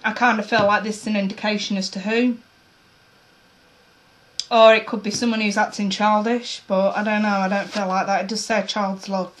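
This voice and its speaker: A woman giving a casual tarot reading to her viewers, blunt and swearing freely, her voice going a bit hoarse. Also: medium pitch, little pitch movement, moderate pace, poor audio. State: losing her voice, coughing. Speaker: tarot reader.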